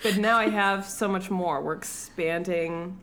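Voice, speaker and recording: A woman's voice: fairly low pitch, measured pace, noisy background. A young adult woman co-hosting a podcast in casual, rambling, self-mocking chat. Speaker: podcast co-host.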